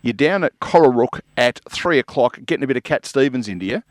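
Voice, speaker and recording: A man with an Australian accent, co-hosting a radio chat with deadpan teasing humour. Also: mid-range voice, fairly quick, no echo, studio quality. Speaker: radio co-host.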